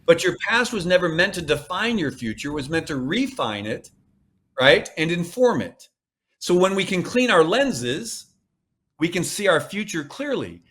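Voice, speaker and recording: A man's voice: sits high, very animated, normal speed, fairly bright tone. A man speaking as a podcast guest, coaching with emphatic, repeated phrases. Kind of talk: podcast interview.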